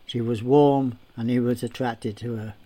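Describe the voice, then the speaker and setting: A man reads a story aloud, narrating in a steady, unhurried way. His delivery is plain and even, with a mid-pitched voice.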